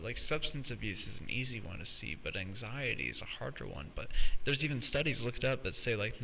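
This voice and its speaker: A man's voice: medium pitch, sharp tone, a little hiss or hum, poor audio. A man hosting a podcast, telling rambling, profane stories and laughing as he goes. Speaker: podcast host. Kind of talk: casual storytelling monologue.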